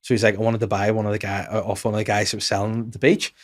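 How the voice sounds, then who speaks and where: A man's voice: lowish voice, no echo, studio quality. A man hosting a podcast, telling rambling anecdotes in casual chat. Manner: rambling anecdotal storyteller, quick and animated. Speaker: podcast host and comedian.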